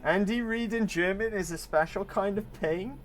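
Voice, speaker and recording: A middle-aged man with a high voice streams a game live at a moderate pace, with slight background noise. He chats casually and teases his viewers with jokes and the occasional curse word.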